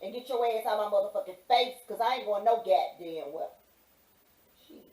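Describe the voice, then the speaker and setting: A woman with a Mississippi Southern accent telling a loud, profane story as a pastor's partner on his show. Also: medium pitch, fairly quick, recorded from a distance. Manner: brash, cussing, animated retelling. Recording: echoey room, off-mic.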